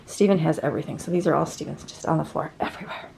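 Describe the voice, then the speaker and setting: A mother vlogs casually as she walks through her family home, from the kitchen to the bedrooms, chatting with viewers and talking to her kids and the dog. Her voice sits low and is gravelly, she speaks very fast, and there's heavy background noise.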